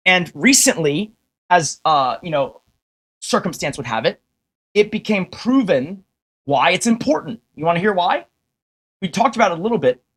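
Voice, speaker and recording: A man's voice: high voice, very animated, moderate pace, a bit bright, slightly rough. A man streaming to his audience, caught up in a heated rant. He curses constantly, sounds exasperated and combative, and keeps turning to viewers with rhetorical questions to press his point. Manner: heavy swearing, exasperated and combative. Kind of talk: ranting livestream monologue.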